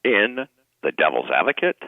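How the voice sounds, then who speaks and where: A man running a trivia segment on a sports radio show, reading questions with animated delivery. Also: fairly low pitch, moderate pace, no echo. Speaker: trivia quiz host. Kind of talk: casual on-air chat. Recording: tinny phone-like line.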